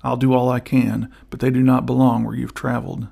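A man reading the part of a gruff, gloomy old outlaw who offers hushed help. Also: medium pitch, little pitch movement, brisk. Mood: low urgent. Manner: rough, hushed, conspiratorial. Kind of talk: audiobook character voice.

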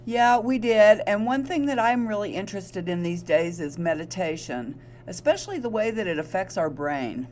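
A woman co-hosting a wellness talk show as a nurse. She affirms her partner warmly and explains things in casual chat. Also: mid-range voice, animated, normal speed, few pauses, slight background noise. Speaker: co-host, registered nurse.

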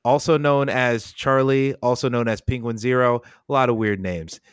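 Profane, excitable man in casual chat. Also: medium pitch, normal speed, clean tone, dry recording, studio quality. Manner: loose, profane, excitable storytelling. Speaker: podcast co-host.

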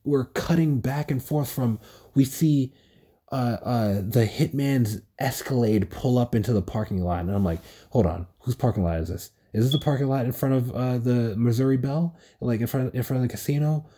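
A young man alone at home, recording a casual solo rant on his phone, rambling excitedly and swearing often. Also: mid-range voice, brisk, hardly any pauses. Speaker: podcast host. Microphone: phone recording app.

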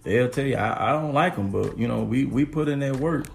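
A man co-hosting a podcast, talking in a relaxed, earnest way and often repeating phrases. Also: mid-range voice, brisk, vocal fry. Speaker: podcast co-host. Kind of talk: casual conversation.

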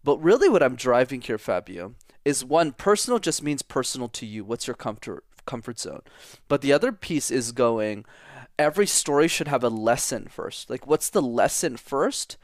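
A man's voice: medium pitch, sing-song, moderate pace, dry recording, clean studio sound. A young Canadian man whose first language is French, answering interview questions as a public speaking coach in a confident, emphatic way.

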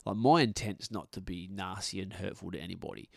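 A middle-aged man riffs on his podcast, his low voice gravelly with fry. He talks bluntly and swears freely, circling back and restarting his sentences. His voice is dry and close. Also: fast, no echo. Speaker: podcast host. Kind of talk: casual podcast rant. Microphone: podcast microphone.

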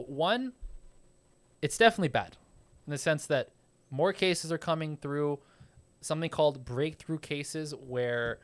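A man's voice: medium pitch, clear, resonant tone. A man hosting a casual podcast, explaining with frequent profanity and stammered restarts.

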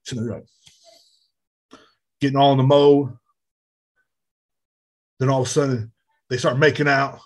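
A man hosting a podcast, ranting with loud, profane exasperation in a comedic monologue. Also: mid-range voice, little pitch movement, moderate pace, pauses often. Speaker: podcast host. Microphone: podcast mic.

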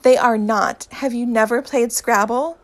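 A woman's voice: fairly high pitch, steady tone, natural voice. Woman voicing an outraged dramatic young man. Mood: exasperated. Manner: exasperated, theatrical, slow emphatic.

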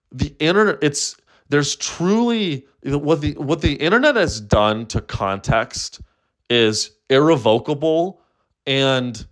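A young man hosting a solo comedy podcast, who swears often and rambles with frequent false starts. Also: mid-range voice. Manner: profane, rambling, full of restarts.

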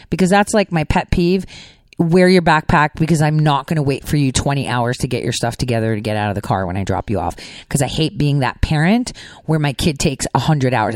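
A woman's voice: lowish voice, dry recording, studio quality. Sarcastic woman hosting a political podcast. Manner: sarcastic, conversational, rambling asides. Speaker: podcast host. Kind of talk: opinionated political commentary.

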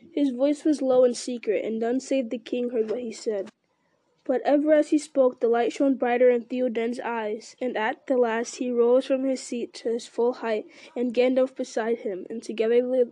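A woman reading a fantasy novel aloud in a steady, earnest narration. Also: a little high, moderate pace, no echo. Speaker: reader. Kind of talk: storybook read-aloud narration.

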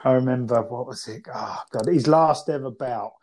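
A man interviewing his old boxing coaches in a relaxed, grateful way. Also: mid-range voice, normal speed. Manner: informal, grateful, chatty. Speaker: interviewer, former boxer. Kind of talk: casual interview.

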